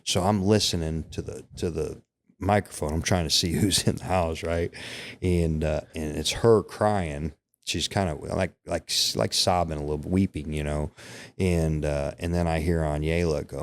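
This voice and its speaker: This is a middle-aged man with a notably deep, low voice, speaking as a podcast guest. He tells an emotional personal story in a candid, conversational way. He keeps checking that his listeners follow along. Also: fairly even intonation, moderate pace. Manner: candid, emotional storytelling with frequent "right?" and "you know". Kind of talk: personal storytelling in casual interview.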